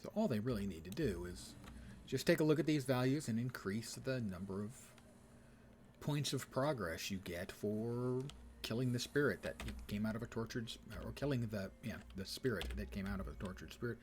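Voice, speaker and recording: A man's voice: lowish voice, animated, moderate pace, darkish tone, slight background noise. A man streaming a game, commenting casually with dry sarcasm and playful wordplay.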